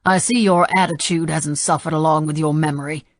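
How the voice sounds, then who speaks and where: A woman's voice: low-pitched, fairly even intonation, fairly quick, no echo. A woman voicing a curt, dismissive middle-aged male senator, speaking dryly in an audiobook. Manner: dry, clipped.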